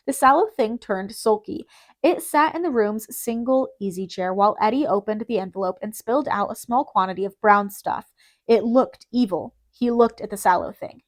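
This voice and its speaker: A woman reading an audiobook in a steady, measured narration. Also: mid-range voice.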